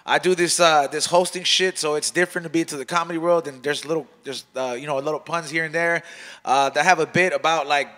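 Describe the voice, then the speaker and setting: A man hosting a podcast in casual chat, talking in fast, profane, slangy street talk that drops into Spanish. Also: a little high, fairly even intonation, sharp tone. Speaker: podcast host.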